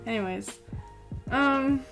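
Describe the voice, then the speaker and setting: Young woman, casual podcast co-host, rambling with fillers, fairly high voice, faint music behind. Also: slow pace, vocal fry, a bit bright. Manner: rambling storytelling with many fillers. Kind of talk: casual chat.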